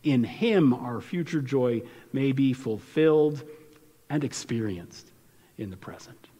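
A man's voice: medium pitch, animated, takes it slowly, mellow, big-room sound. A man preaching a sermon as pastor, earnest and emphatic, often restarting his words.

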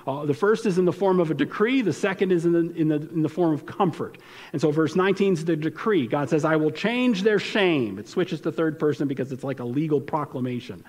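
Male pastor, emphatic preaching, somewhat high-pitched, echoing sanctuary. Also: quick pace, a little mellow. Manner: earnest, emphatic preaching with frequent restarts. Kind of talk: sermon.

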